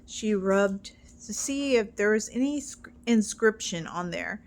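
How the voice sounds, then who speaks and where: A woman casually telling a joke she heard, halting with fillers and restarts as she goes. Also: medium pitch, lively intonation. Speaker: storyteller.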